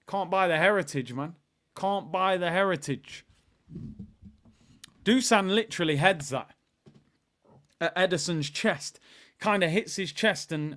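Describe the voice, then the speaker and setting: High-voiced, excitable man. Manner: excitable, chatty, bursts into shouts at goals. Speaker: host of a football watchalong. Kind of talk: live football watchalong commentary.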